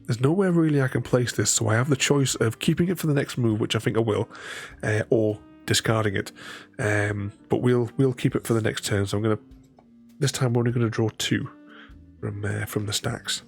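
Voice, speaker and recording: A man's voice: mid-range voice, fairly even intonation, brisk, creaky, faint music behind. A man casually chatting with his viewers while playing a solo board game, thinking aloud and laughing often.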